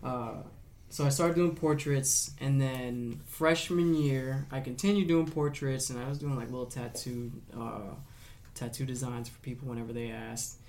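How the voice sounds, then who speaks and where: Young male guest, mid-pitched, laid-back, swears freely, animated storyteller. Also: moderate pace. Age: young adult. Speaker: interview guest, artist. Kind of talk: casual chat over a chess game.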